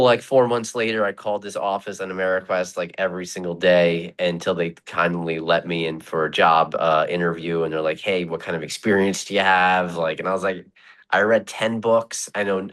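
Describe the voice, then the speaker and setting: Man, 40s, very low voice, casual animated guest storyteller, quotes people in their own voices. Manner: animated, acts out quoted voices, says "long story short" often. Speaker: mortgage professional, podcast guest.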